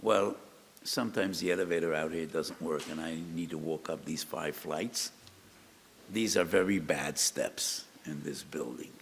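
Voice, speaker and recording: Slow gravelly older rabbi in a hall. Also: male voice, extremely low pitch. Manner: slow, storytelling delivery that rises to cries in acted pleas. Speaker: rabbi giving a weekly lecture. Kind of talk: sermon-style lecture. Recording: long reverb, faint background noise.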